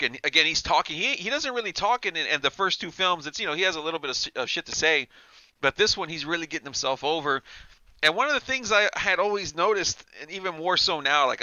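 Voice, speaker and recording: Male podcast host, casual rambling and profane, bright and clear, dry close sound. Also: a little high, dry recording, muffled recording. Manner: rambling, profane, laughs often. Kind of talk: casual chat.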